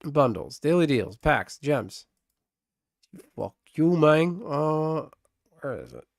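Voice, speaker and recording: A man streaming a card game live, chatting casually with viewers, excitable and swearing freely. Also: on the high side, slow, gravelly, no echo, studio quality.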